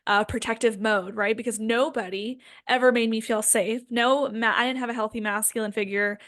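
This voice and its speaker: A woman in her twenties who coaches spiritual healing speaks at a normal pace in a fairly high, bright voice with fairly even intonation. Her self-help talk is casual and earnest, heavy on "like" and "um," with no echo.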